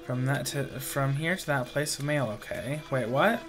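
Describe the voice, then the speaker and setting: Over game music, a man playing through a game jokes around, swears, and reads on-screen text out loud in a playful let's play style. His voice is medium in pitch and unhurried.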